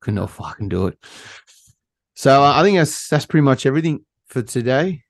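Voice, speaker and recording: A young man with an Australian accent hosts a podcast in loose, easygoing banter. He laughs a lot and swears casually, his voice at an average pitch. The sound is close and dry, with no room around it. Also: sing-song, a little fast, gravelly, dry recording. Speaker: podcast host. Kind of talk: casual chat.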